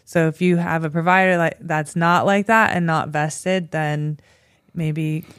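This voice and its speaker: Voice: medium pitch, fairly even intonation, unhurried, fairly bright tone, smooth, no echo, clean studio sound. A medication prescriber on a podcast, explaining in an earnest, careful way. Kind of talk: casual conversation.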